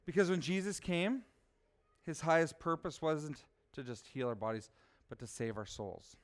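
High-voiced, smooth male preacher. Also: normal speed. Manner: rhetorical, asks "right?", swings soft to loud. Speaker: pastor. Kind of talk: sermon.

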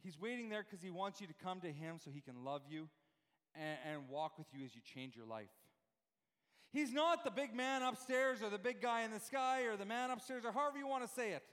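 A man with a very high voice preaches a fervent sermon, throwing rhetorical questions at his congregation. His voice rings with a long reverb from the church hall around him. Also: lively intonation, a little fast, a bit bright, clean tone. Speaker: pastor. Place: church room with live audience, also streamed.

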